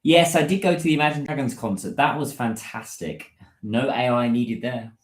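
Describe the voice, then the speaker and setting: A man's voice: mid-range voice, normal speed, roomy sound. A British man hosting a casual livestream, chatting and answering viewers' comments as they come in. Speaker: livestream host.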